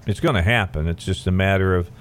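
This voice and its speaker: A man hosting a radio talk show, chatting with his guests in a halting, conversational way with many fillers and upbeat station breaks. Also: deep voice, a little hiss or hum.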